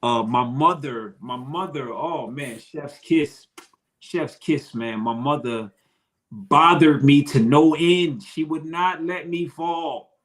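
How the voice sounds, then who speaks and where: A man's voice: fairly high pitch, slow pace, fairly bright tone. Earnest man who repeats himself. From Detroit, Michigan. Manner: earnest, repeats phrases, calls listener man. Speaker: podcast guest. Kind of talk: emotional interview talk.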